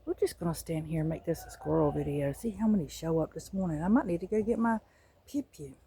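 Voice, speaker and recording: A woman's voice: sits low, quick pace, creaky, slight background noise. A woman with a Southern US accent giving a casual, joking tour of her backyard garden, filmed on a handheld phone. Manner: animated, joking, chatty, swings from muttering to loud exclamations. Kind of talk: casual chatty vlog. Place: outdoor backyard garden with chickens.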